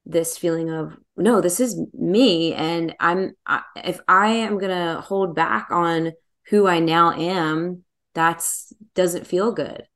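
A woman's voice: on the low side, slow pace, fairly bright tone. A woman hosting an interview, thoughtful and searching for her words. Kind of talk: reflective interview conversation.

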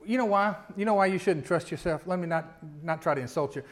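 Middle-aged male pastor, high voice, chatty sermon delivery with rhetorical questions that swells to loud emphatic climaxes. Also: fast talker. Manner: conversational preaching, rising to loud emphatic peaks, frequent rhetorical questions.

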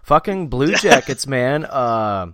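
A man co-hosting a casual hockey podcast, relaxed and profane, with lots of "like" and "dude". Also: mid-range voice, slow pace, noisy background. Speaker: podcast co-host. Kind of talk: casual sports chat.

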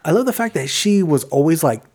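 A man's voice: on the high side, lively intonation, fairly quick, a little mellow. Loose, profane male podcast co-host. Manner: loose, profane, heavy use of "like" fillers, laughs often. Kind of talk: casual movie review chat.

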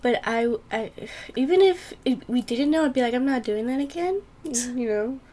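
A young woman chatting casually with her sister, giggly and animated, often cutting in. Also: high voice, moderate pace. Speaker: co-host. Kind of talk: casual chat.

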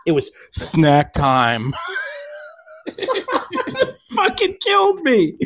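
A man with a high, lively voice that swings up and down as he talks. He rambles, swears constantly and bosses the others around with rough teasing. This is casual, crude podcast banter. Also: very slow, pauses often. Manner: profane, rambling, bossy teasing. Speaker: caller.

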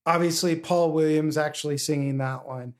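A man's voice: on the high side, steady tone, normal speed, darkish tone, soft background music. A man hosting a podcast, chatting casually about a film with frequent ums and uhs. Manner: hesitant, many ums and uhs. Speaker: podcast host.

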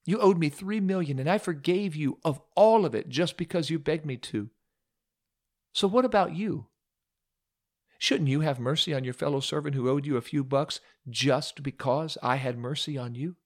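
A man's voice: medium pitch, lively intonation, normal speed, creaky. Preacher putting on a stern storybook king, emphatic and dramatic. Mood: angry. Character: stern male king, generous turned furious.

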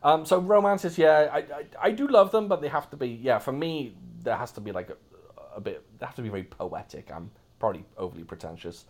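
A man hosting a casual podcast, his pitch swinging up and down as he talks. He jokes at his own expense and keeps the chat lively. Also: fairly quick. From Wales. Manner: lively, joking, self-mocking. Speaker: podcast host.

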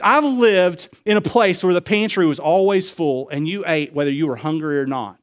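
High-voiced animated male preacher. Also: moderate pace. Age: adult, married with young children. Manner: personal, confessional, swings between loud animated bursts and quiet low asides; acts out dialogue in quoted voices. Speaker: pastor. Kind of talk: sermon.

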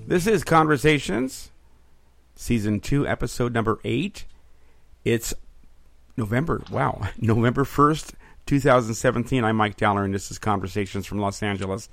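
A man's voice: medium pitch, moderate pace, gravelly, fairly bright tone, no echo. A man hosting a podcast in an upbeat, chatty way, with frequent fillers. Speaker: podcast host. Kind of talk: casual podcast chat. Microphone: remote recording setup.

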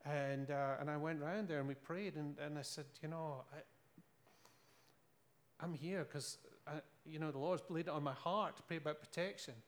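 Scottish male preacher, earnest storyteller, slightly higher voice. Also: steady tone, normal speed. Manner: earnest, storytelling, with rhetorical questions and laughs. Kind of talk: sermon.

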